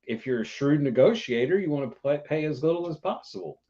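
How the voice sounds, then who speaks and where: A man's voice: fairly high pitch, lively intonation, brisk, dark tone. A man co-hosting a livestream, trading dry, joking banter while building. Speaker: co-host. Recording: muffled lo-fi stream audio.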